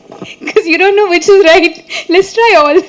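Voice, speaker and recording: An actress fields questions at a film press meet, chatty and playful, laughing frequently and starting her sentences over. Her voice is very high-pitched, and the recording is rough.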